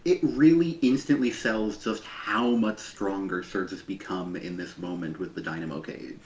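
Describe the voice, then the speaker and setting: A man co-hosting a casual comic book chat, giving measured, dry commentary. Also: sits low. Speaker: comic book podcast co-host. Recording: roomy echo.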